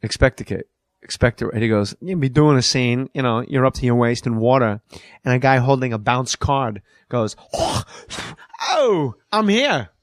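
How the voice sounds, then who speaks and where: A man's voice: medium pitch, steady tone, moderate pace, no room sound. Male podcast host, casual comic storyteller, acts out the characters, dry booth sound.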